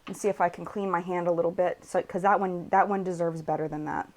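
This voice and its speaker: A woman's voice: fairly low pitch, level tone, fast, darkish tone. An American woman hosting a casual live chat, reading viewer comments aloud and showing makeup on camera.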